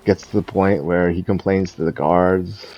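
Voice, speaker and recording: A man's voice: low-pitched, steady tone, moderate pace, darkish tone, lo-fi sound, soft background music. A young man ranting in a casual, profane and mocking way, rambling between thoughts. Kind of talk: casual rant.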